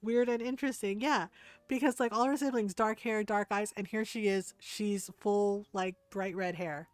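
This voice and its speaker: A woman's voice: medium pitch, fairly even intonation, normal speed, no room sound. A woman streamer telling a story while gaming, swearing freely, laughing often and heatedly quoting herself. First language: Tagalog.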